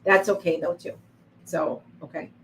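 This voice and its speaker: A woman's voice: on the low side, steady tone, moderate pace, slight background noise, poor audio. A woman doing psychic readings on a livestream, chatting to viewers by name with frequent restarts. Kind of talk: live-stream reading and chat.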